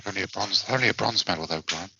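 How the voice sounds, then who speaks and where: A man's voice: low voice, fast, gravelly, sharp tone, lo-fi sound, slight background noise. A man co-hosting a woodworking livestream who reads comments and adds dry, matter-of-fact remarks. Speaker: co-host. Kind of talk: livestream chat.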